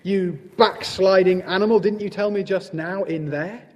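A man voicing a stern but kindly old male badger from a storybook, severe and measured. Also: mid-range voice, lively intonation, warm tone, long reverb tail, natural voice. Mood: indignant.

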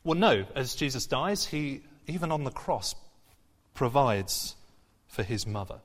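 A man's voice: mid-range voice, animated, unhurried, a bit bright. A man preaching a sermon in an earnest, conversational way, with frequent fillers and restarts. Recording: long hall reverb.

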